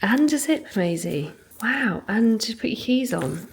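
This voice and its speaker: A woman's voice: fairly high pitch, big pitch swings, a little slow, roomy sound, slight background noise, poor audio. A woman chatting casually and gushing as she unboxes things at home in an unboxing vlog. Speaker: vlogger. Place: home, indoors.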